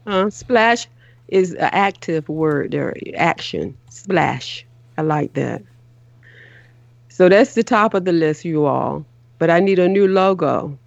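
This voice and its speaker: A woman's voice: fairly low pitch, expressive, takes it slowly, creaky, dry recording, dull audio. A middle-aged woman hosting a show, chatting casually in an earnest way that is full of restarts and repeats. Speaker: show host. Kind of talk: casual chat on a call-in show.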